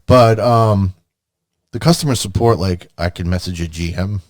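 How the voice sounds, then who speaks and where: A man on a gaming podcast telling a story in casual chat, acting out his own past lines with animated exclamations. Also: sits low, moderate pace, no room sound, recorded from a distance. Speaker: podcast co-host.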